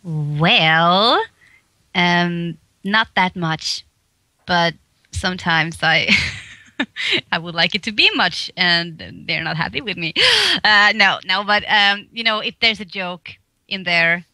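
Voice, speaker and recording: Bright-voiced Swedish woman, giggly. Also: lowish voice, takes it slowly, no room sound. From Sweden. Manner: giggly, chatty, with frequent laughs and restarts. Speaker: voice actress and comedian guest. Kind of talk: casual interview chat.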